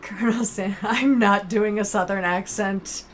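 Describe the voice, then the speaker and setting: Woman, Midwest accent, slow delivery, playful, laughs a lot, streaming a dating game. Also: mid-range voice, steady tone, soft background music. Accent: American Midwest. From American Midwest. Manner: playful, laughs often, reads in a slow storytelling way. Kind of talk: reading a dating game aloud with playful commentary.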